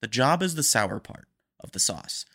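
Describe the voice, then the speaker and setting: A young man hosting a casual solo podcast, rambling quickly and a little nervous. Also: medium pitch, big pitch swings, bright, forceful tone, slightly rough. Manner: rambling, fast-talking and a bit nervous. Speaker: podcast host.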